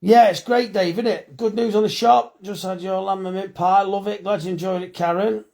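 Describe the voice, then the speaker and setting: A blunt, chatty middle-aged man talks off the cuff on a phone live stream, reading out viewers' comments as they come in. His voice sits a little high for a man, and he swears easily in a friendly way. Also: fairly even intonation, normal speed, creaky, a little mellow. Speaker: farmer and butcher hosting a live stream.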